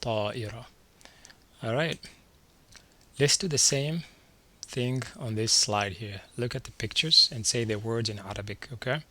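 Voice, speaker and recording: A man's voice: mid-range voice, moderate pace, long pauses, sharp tone. A man teaching a beginner language lesson over slides, patiently repeating each word and checking in with the learner. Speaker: Arabic teacher.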